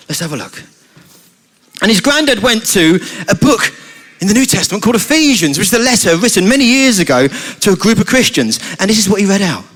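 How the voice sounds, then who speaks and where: The voice is a man's, high and fairly bright with a breathy edge, carrying a British accent. He tells a playful story at a family church service and often puts questions to the children.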